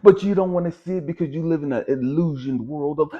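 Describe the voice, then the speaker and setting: A man's voice: a little high, quick pace, hardly any pauses. A man giving a blunt, profane spiritual motivational monologue, repeating his points for emphasis. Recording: dull lo-fi recording.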